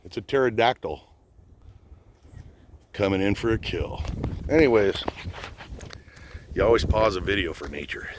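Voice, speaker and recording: An older man, a retired police officer, talks bluntly and swears freely. His speech swings widely up and down in pitch, and faint outdoor noise sits behind him as he rants from a boat in a swamp. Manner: blunt, profane and heated. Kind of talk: outdoor rant.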